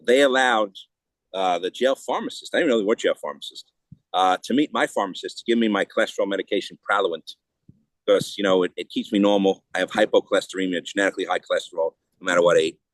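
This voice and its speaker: A man speaking as a podcast guest in a heated, rapid way, often restarting and repeating words. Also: deep voice, no room sound. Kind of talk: casual interview talk.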